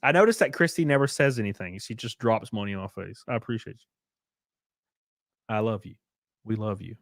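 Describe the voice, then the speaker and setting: Crude joking streamer reading super chats. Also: male voice, lowish voice, brisk, long pauses, no room sound, clean studio sound. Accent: Southern American. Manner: swings from loud outbursts to muttered asides. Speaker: livestream host. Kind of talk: casual live stream chat.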